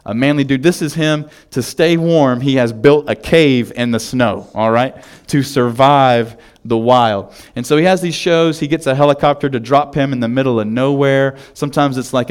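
A pastor preaching a sermon in a church, telling a story with lots of fillers before turning to prayer. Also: male voice, mid-range voice, clean tone. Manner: casual storytelling with fillers, animated retelling.

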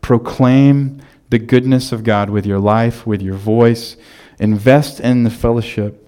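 A man in his thirties preaching a sermon as pastor, telling stories in a relaxed, conversational way with frequent restarts. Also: mid-range voice, measured pace.

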